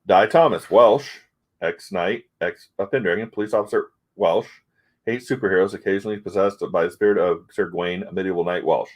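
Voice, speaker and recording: A man's voice: sits low, brisk. A middle-aged man from the United States chatting casually about comics, rambling and hesitant but frank. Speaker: comic review host. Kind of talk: casual chat.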